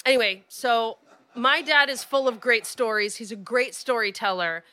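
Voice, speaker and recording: A woman's voice: fairly high pitch, normal speed, sharp tone, clear, resonant tone. A woman on stage introducing her father as the next storyteller. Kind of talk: live storytelling.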